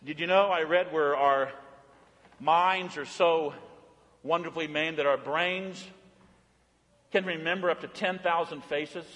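A male preacher with a high, ringing voice delivers a sermon in a church. He moves from loud, emphatic calls down to soft, hushed tones. His voice carries a long reverb through the hall. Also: steady tone, a little slow, long pauses. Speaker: pastor.

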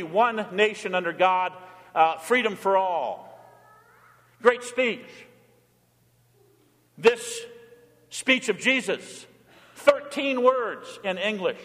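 A man pastor delivering a sermon in a slightly high voice, pressing hard on key words and then dropping to a hush. His voice carries a long reverb, as if he were heard in a large church. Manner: emphatic preaching, swinging between forceful and hushed.

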